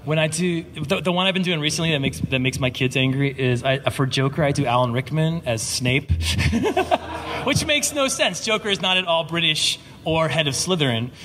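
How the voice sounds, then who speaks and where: A man's voice: a little high, sing-song, moderate pace, a bit bright. A middle-aged man, a comic book writer, chatting casually on a convention panel, rambling with stammered restarts, swearing and laughing. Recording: reverberant hall with audible background noise.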